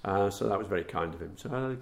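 A middle-aged man, a former footballer, recalling anecdotes in a relaxed interview, chuckling at his own stories. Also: low voice, racing, creaky, noisy background. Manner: warm storyteller, chuckles at his own tales.

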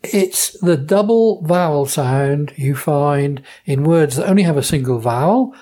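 A man's voice: fairly high pitch, lively intonation, measured pace, few pauses, mellow. A man from Norfolk with a Norfolk accent, explaining dialect words in an enthusiastic, explanatory way during an interview. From Norfolk, England. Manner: enthusiastic, explanatory, playful with pronunciations. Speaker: dialect society member. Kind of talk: interview answers.

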